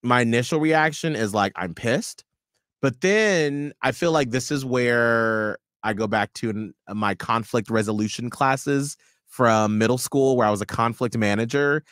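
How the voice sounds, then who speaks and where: A man co-hosting a radio show, telling stories in animated casual chat and swearing freely. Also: mid-range voice, a little slow, smooth, dry recording, studio quality. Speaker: radio co-host.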